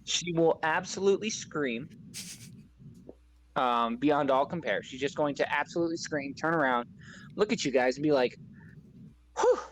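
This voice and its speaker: Man, game master, casual, rambling, fillers, slightly high voice, tabletop game. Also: normal speed, a little hiss or hum, poor audio.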